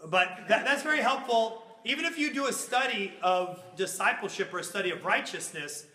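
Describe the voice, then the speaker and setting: A man teaching a Bible class, animated and acting out little scenes in funny voices as he explains. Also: high voice, moderate pace, reverberant.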